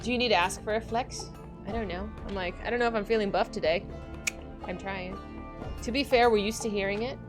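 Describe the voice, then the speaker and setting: A woman from Los Angeles, chatting excitably with viewers during a gaming livestream, laughing often. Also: medium pitch, a little fast, music in the background. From Los Angeles, USA. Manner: excitable, giggly, greets viewers. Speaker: game streamer. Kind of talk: casual livestream chat while gaming.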